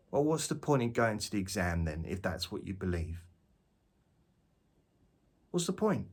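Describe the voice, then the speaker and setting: A very deep, husky-voiced man talks to camera while walking around outside. His delivery is jokey and self-mocking, and he drifts from one thought to the next. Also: very animated, moderate pace, long pauses. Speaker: vlogger. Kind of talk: rambling spoken monologue to camera.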